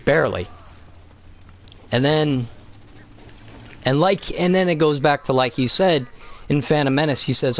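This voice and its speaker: A man streaming a game, ranting casually about a film in a rambling, excitable way with lots of swearing, from a home basement. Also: a little high, unhurried, long pauses. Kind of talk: casual profane movie rant.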